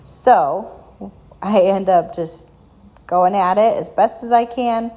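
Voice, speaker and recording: A woman's voice: mid-range voice, slow pace, warm tone. Woman talking thru a craft tutorial, casual, lots of ums, pokes fun at herself. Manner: chatty and self-deprecating, with frequent ums. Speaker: craft shop tutorial host.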